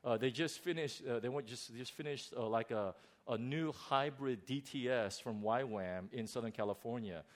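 A middle-aged man, a pastor, telling a personal story in a sermon, animated and full of restarts. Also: mid-range voice, normal speed. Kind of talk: sermon testimony.

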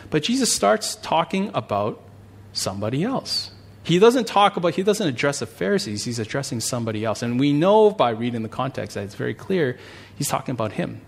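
A male pastor praying, then teaching a Bible passage in a conversational, animated way. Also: medium pitch, a little fast, creaky. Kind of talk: sermon with prayer.

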